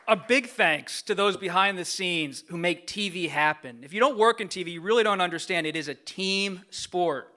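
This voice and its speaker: Standing at a gala podium, a man gives his award acceptance speech, reading a prepared text in a measured, earnest, grateful way with a bright, forceful, slightly higher-pitched voice. The podium microphone fills a large banquet room, and some chatter can be heard behind him.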